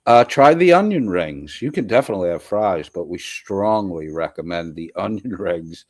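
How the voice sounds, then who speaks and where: A congested man with a sore throat runs a casual livestream. He reads chat comments aloud in a profane, rambling way. His voice sits low, and the sound is dry and close. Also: animated, moderate pace, no echo. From US East Coast. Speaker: livestream host. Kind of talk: casual live-stream chat reading comments.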